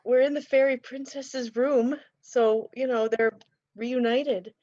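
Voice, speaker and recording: A woman's voice: a little high, steady tone, slow, dark tone. A woman playing in a tabletop game, patiently explaining things to another player. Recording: dull lo-fi mic.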